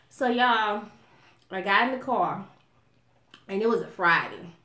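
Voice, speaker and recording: A woman from Alabama with a Southern US accent, telling a story to viewers in an animated, profane, casual style. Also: fairly high pitch, takes it slowly, long pauses. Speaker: vlogger. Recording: echoey room.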